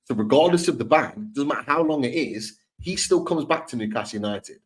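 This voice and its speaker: A man's voice: mid-range voice, animated, a little fast, rough recording. A man co-hosting a live football fan stream, talking earnestly and often repeating and restarting his words. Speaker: football podcast co-host.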